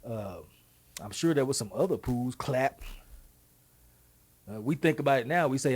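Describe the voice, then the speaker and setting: A middle-aged Texan man hosting a show, talking in an animated, folksy monologue with quick asides and a husky voice. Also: medium pitch. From Texas. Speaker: show host. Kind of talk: casual monologue.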